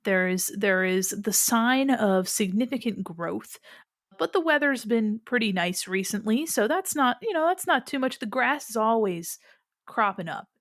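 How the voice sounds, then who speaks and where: A woman's voice: on the high side, expressive, a little slow, a bit bright, no room sound, clean studio sound. A woman narrating a tabletop game as game master, playful and rambling.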